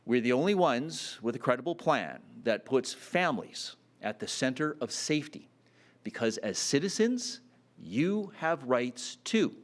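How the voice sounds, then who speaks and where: A man's voice: medium pitch, very animated, unhurried. A man giving a campaign speech at a public announcement, earnest and full of fillers and restarts. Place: announcement event.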